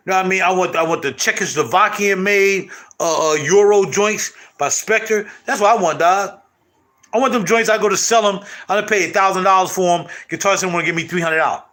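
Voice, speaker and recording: A middle-aged man hosting his channel, chatting casually to viewers in loud, animated, slangy street talk. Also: high voice, fairly quick. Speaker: channel host.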